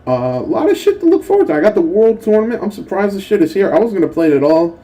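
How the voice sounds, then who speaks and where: Profane rambling young man, mellow voice. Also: sits high, fast, low-quality recording. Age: young adult. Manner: rambling and profane, with excitable acted-out quotes. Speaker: gaming channel host. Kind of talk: casual gameplay commentary.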